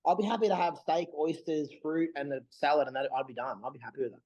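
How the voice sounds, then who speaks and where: A man co-hosting a casual podcast chat, an animated storyteller who acts out what people said. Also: a little high, fast, lo-fi sound. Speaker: bodybuilder and podcast co-host.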